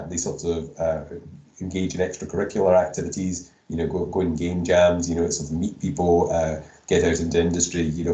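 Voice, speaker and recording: A man's voice: deep voice, mellow, roomy sound, poor audio. A man giving a casual induction lecture to new students, rambling with lots of fillers and restarts and dropping jokes. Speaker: university lecturer. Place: online meeting recording. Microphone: computer mic on a video call.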